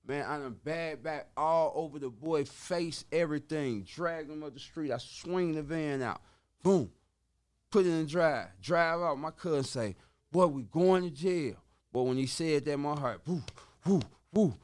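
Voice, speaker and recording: A man telling a story on a podcast in casual street slang, dropping in sound effects like woo and boom. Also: a little slow, darkish tone. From Chicago. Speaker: podcast guest.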